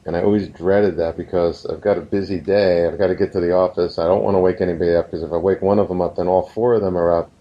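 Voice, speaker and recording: A man giving an earnest motivational business lesson, telling stories and slowing down to stress his points. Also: sits low, fairly even intonation. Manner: earnest, storytelling, slows down for emphasis. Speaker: business course instructor. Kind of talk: recorded motivational course lesson. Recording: slightly muffled, dull recording.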